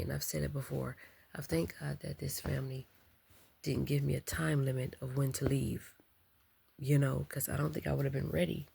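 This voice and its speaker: Woman vlogger, quiet night talk, very breathy with a gravelly fry, soft and thoughtful. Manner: speaking softly and low to keep quiet; reflective, with many ums and likes. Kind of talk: casual late-night vlog.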